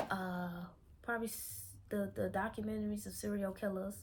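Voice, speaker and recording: Speaking at normal speed in a medium-pitched voice with little pitch movement, a young woman from Chicago chats candidly in an unscripted vlog. She rambles and corrects herself in a Chicago accent, recorded on a phone camera against background noise.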